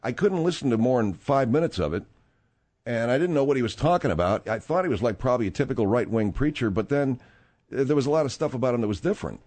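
Animated, rambling male radio host. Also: medium pitch, fast talker. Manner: rambling and animated, with frequent fillers. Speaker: radio talk-show host. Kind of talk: casual talk-radio banter.

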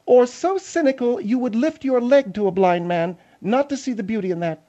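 A man's voice: extremely high pitch, moderate pace, warm tone, highs cut off, pitched above the performer's own voice. A man voicing a snooty, condescending middle-aged woman on a comedic radio talk show, lecturing in a haughty tone.

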